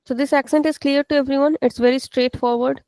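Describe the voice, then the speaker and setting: A woman's voice: sits high, fairly even intonation, fast talker, darkish tone, dry recording. A woman teaching a live online class, patiently explaining and repeating words for her students. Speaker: Portuguese teacher.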